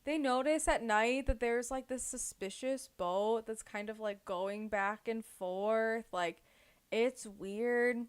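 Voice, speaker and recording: Woman, higher voice, casual podcast host, rambling animated recap. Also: slow pace, clean tone. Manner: animated retelling with lots of "like" and "um". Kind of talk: casual book club chat.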